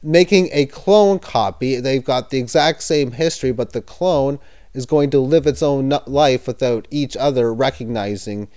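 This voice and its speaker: A man's voice: medium pitch, moderate pace, a little mellow. A man giving casual, hesitant commentary on cryptocurrency news, skeptical and sometimes sarcastic. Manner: hesitant, with fillers and self-corrections. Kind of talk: casual screen-share commentary.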